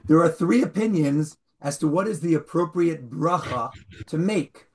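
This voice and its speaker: A man teaching an online Torah class over a video call, explaining slowly and stressing key words. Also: a little high, animated, darkish tone.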